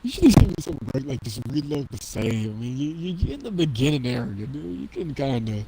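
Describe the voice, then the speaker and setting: A man's voice: mid-range voice, very animated, fast talker, creaky, very noisy. A man chatting casually as a guest, rambling on with lots of fillers and restarts. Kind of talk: casual chat.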